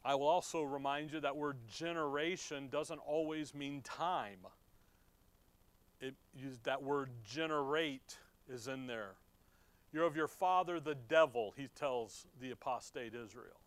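A man's voice: mid-range voice, a little slow, clean tone, dry recording. A middle-aged man teaching from the Bible in a conversational way, reading verses aloud and asking his listeners questions. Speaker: preacher.

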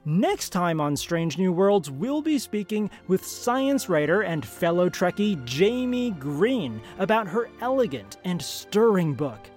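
Male podcast host, high and animated, reads a scripted sign-off with faint music under it. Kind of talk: scripted outro, then casual interview.

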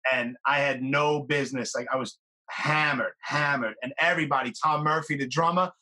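A man in casual podcast chat, telling a lively story and swearing casually. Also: medium pitch, normal speed, poor audio.

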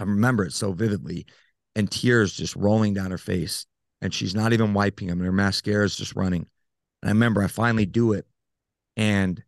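A man who is a podcast guest, telling a personal story in an earnest, halting way with many fillers. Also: on the low side, vocal fry, no room sound, clean studio sound.

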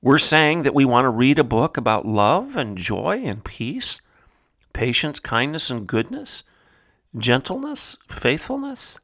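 A man from Oklahoma hosting a commentary show, talking emphatically like a preacher, repeating phrases for stress and dropping low and quiet for disdain. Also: sing-song, a little slow. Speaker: podcast host. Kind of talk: commentary monologue.

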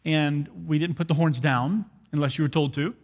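A young adult man preaching a sermon as a pastor, telling an animated story and acting out quoted dialogue. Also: fairly high pitch, moderate pace, in a large hall.

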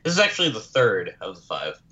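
A man's voice: on the low side, huge pitch swings, a little fast, sharp tone. A man rambling through a casual movie review, slipping in and out of joking accents. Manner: rambling, slips into mock accents. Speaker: podcast co-host.

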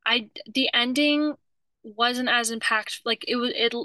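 A woman's voice: a little high, fairly even intonation, a little slow, sharp tone, dry recording. A woman co-hosting a podcast in casual chat, talkative and often restarting her sentences. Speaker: podcast co-host.

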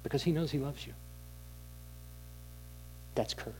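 A man preaching a sermon in a candid, conversational storytelling way, with halting restarts. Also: on the high side, mellow, slight background noise, rough recording. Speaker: pastor.

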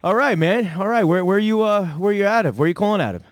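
Foul-mouthed, gruff male podcast host. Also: sits high, lively intonation, fast talker, no echo. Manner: profane, gruff banter. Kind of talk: casual call-in chat.

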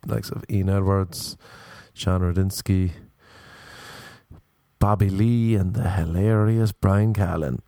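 A man's voice: sits low, fairly even intonation, slow, warm tone, no room sound, clean studio sound. A man in his thirties with an Irish accent, hosting a podcast and giving rambling, jokey advice in a casual comic chat. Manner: rambling, jokey, riffs in silly voices. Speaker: podcast host and stand-up comedian.

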